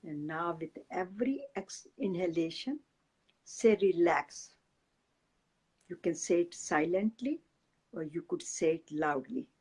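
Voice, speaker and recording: A woman teaching and leading a guided meditation, giving gentle step-by-step breathing instructions. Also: on the low side, lively intonation, slightly rough, poor audio. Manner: slow, gentle guiding instructions.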